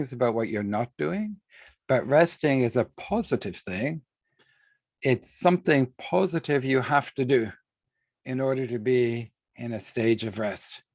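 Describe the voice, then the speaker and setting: A man leads an online class over a video call, speaking at an unhurried, measured pace. He often repeats and restarts words and leans slowly on key terms. His voice is mid-pitched and the sound is dry, with almost no room echo. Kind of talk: online lecture with screen sharing.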